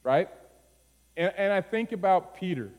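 A man preaching a sermon, moving from low, quiet phrases to high, urgent pleading. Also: expressive, a little slow. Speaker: pastor. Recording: long hall reverb.

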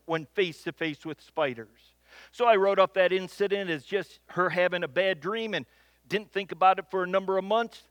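A man's voice: high voice, a bit bright, no echo. Man, from Michigan, comic storyteller, builds suspense with repetition, dry close sound. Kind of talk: humorous personal storytelling.

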